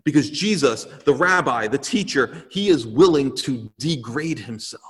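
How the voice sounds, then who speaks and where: In a church sanctuary, a male pastor delivers an earnest, emphatic sermon, repeating phrases for effect. His voice sits at medium pitch with lively intonation and a slightly slow pace. The recording carries a long hall reverb.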